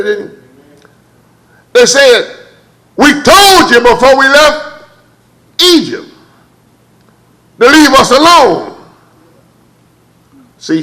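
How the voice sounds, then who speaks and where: A man preaching a church sermon. He calls on the congregation to answer back, repeats and stammers over words, and leaps higher when he acts out quotes. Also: low-quality recording. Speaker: pastor. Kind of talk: preached sermon with call-and-response. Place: church service.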